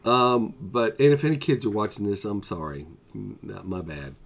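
A man's voice: on the low side, normal speed, gravelly, few pauses, breathy edge. A man telling a personal story in a casual vlog, rambling, with fillers and asides.

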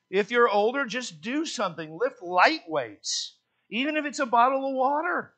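A man preaching as a pastor, telling folksy, joking stories with lively emphasis in a church sermon. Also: high voice, highs cut off.

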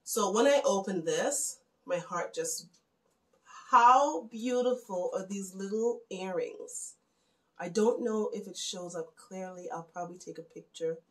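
A woman's voice: medium pitch, measured pace, reverberant, poor audio. Chatty woman gushing over gifts. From West Indies. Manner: chatty and gushing, addresses viewers as guys. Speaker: home vlogger. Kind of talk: casual gift show-and-tell.

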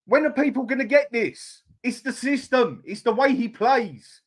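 A man's voice: very high voice, animated, normal speed. Sweary, fuming man ranting. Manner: furious, sweary, blunt. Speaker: fan channel host. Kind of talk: angry live-stream football rant.

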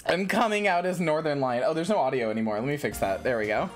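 A woman streamer chatting with her viewers, excitable and giggly, swearing a lot and bursting into shouts. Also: deep voice, moderate pace, soft background music. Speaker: VTuber streamer. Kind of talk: casual live-stream chat with viewers.

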